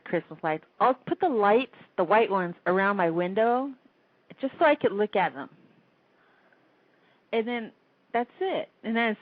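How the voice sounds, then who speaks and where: A woman's voice: a little high, no echo. A woman hosting a casual call-in internet radio show, chatty and rambling, laughing often. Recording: tinny phone-line sound.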